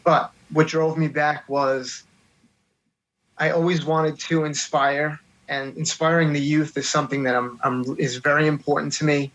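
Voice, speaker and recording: A man's voice: a little high, little pitch movement, unhurried, fairly bright tone, low-quality recording. A man in his thirties with a New York accent, an interview guest telling his story earnestly and from the heart. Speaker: guest, teacher and filmmaker.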